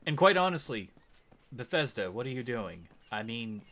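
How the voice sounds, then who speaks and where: A man's voice: medium pitch, very animated, normal speed, a bit bright. A man streaming a game, chatting casually and rambling enthusiastically as he plays. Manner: rambling, enthusiastic, musing aloud. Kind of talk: casual gameplay commentary.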